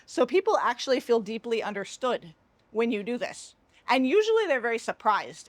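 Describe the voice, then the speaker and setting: A young adult woman leading a workshop on a train in a chatty, informal way, often acting out quoted dialogue. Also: a little high. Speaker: workshop facilitator. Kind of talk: casual workshop teaching. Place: train car with a view.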